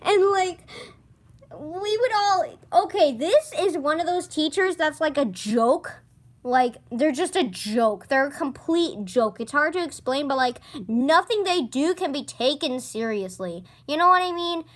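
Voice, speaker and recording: A woman's voice: animated, measured pace. A teenage girl ranting casually about a teacher, exasperated and sarcastic. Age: teens. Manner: exasperated, sarcastic, mimics others in low mocking voices. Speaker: student ranting.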